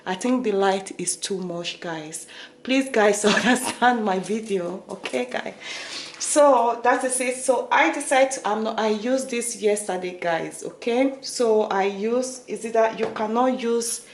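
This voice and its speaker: A woman's voice: fairly high pitch, unhurried. A woman with a Nigerian accent, chatting casually to her vlog audience and often checking in with "okay?" and "guys". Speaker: beauty vlogger. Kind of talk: casual talk to camera. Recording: echoey room with faint noise.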